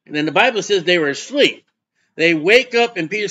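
A man's voice: high voice, animated, moderate pace, bright, forceful tone, dull audio. A man preaching a sermon as pastor, folksy and conversational, often putting questions to his congregation.

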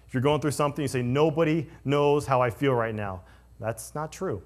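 A male pastor preaching a conversational sermon, moving between lively storytelling and hushed, solemn passages. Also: medium pitch, fairly quick.

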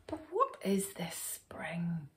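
A woman's voice: on the low side, huge pitch swings, very slow, roomy sound, full character voice. A woman voicing a lonely, timid young male bear in a storybook reading, wistful and stammering when scared.

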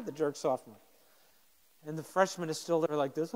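A man's voice: fairly high pitch, a little fast, in a large hall. A man in his fifties, a pastor telling a story to teenagers in short, punchy phrases, acting out the people in it. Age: 50s.

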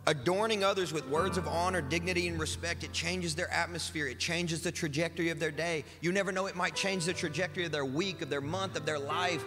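A man's voice: a little high, steady tone, fairly quick, few pauses. A man pastor preaching a sermon, emphatic and conversational, with casual asides to the congregation. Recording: church hall with long reverb and faint music.

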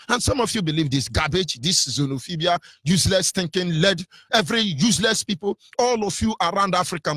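A man's voice: sits high, fairly bright tone, no room sound, studio quality. A man with a Nigerian accent giving an impassioned, preacherly radio talk, fiery and defiant. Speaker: radio broadcaster.

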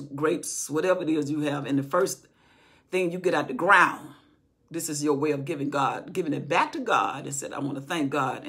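A woman's voice: low voice, a bit bright, husky. A woman telling a Bible story from memory in an informal teaching style, acting out what the people in it say. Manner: retells from memory, acting out quoted speech.

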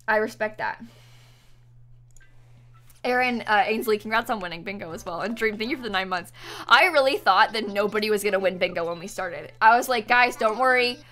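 A woman's voice: medium pitch, brisk, sharp tone. A young woman chatting on a live stream while gaming, giggly and apologetic, thanking viewers as she plays.

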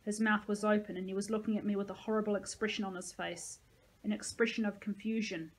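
Female teacher, novel read-aloud, steady plain delivery, mid pitch. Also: fast, breathy edge.

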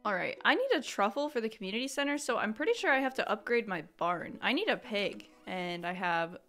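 A young adult woman giving casual, rambling gameplay commentary, breaking into excited exclamations. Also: mid-range voice, fairly quick, soft background music. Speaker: gaming channel host.

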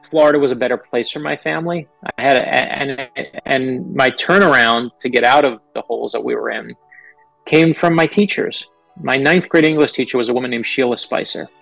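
A middle-aged man from New York, an author telling earnest, animated stories about his life as an interview guest. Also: medium pitch, vocal fry, no room sound, rough recording. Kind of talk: interview storytelling.

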